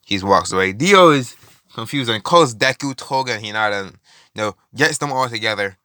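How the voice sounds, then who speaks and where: A man's voice: on the low side, lively intonation, brisk, bright, forceful tone, clean tone, dry recording, clean studio sound. A young man casually improvising a story, rambling and swearing, full of fillers and restarts.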